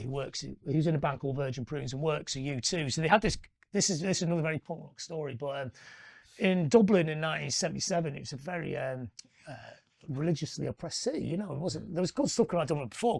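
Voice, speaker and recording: With a voice on the high side, some vocal fry, and a slightly mellow quality, this middle-aged northwest English man talks fast. As a guest in a live on-stage interview, he rambles through anecdotes and tags his points with questions, recorded at studio quality without room sound.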